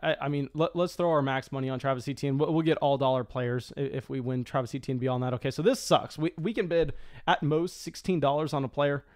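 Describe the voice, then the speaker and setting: Speaking at a medium pitch, a man excitedly narrates a fantasy football auction draft as it happens. His delivery is rapid, and he frequently stammers and begins again.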